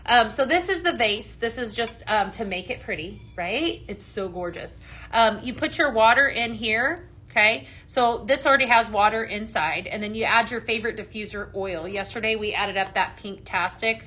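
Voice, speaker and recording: A woman's voice: on the high side, moderate pace, few pauses, pushed and bright. A woman hosting a live shopping show, gushing over products with many ums and reading out viewer comments. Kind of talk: live product demo chat.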